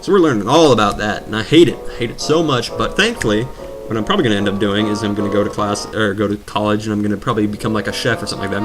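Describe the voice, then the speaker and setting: A man rambling and joking as he commentates his own gameplay, drifting from topic to topic. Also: lowish voice. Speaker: let's play commentator. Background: video game music.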